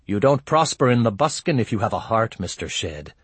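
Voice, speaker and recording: A man voicing a cold, scheming young barmaid, in a husky voice. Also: fairly low pitch, big pitch swings, fairly quick, dry recording, full character voice.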